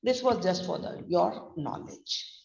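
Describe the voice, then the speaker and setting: Indian English woman teacher, gravelly edge, distant echoey lo-fi room sound. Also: on the low side, expressive, a little mellow, slight background noise. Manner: slow deliberate spelling-out, mixing Hindi. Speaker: pronunciation trainer. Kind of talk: online vocabulary lesson.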